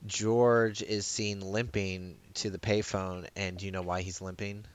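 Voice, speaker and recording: A man co-hosting a podcast in casual chat, animated, laughing and often restarting his sentences. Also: low voice, a little slow, clean tone. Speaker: podcast co-host.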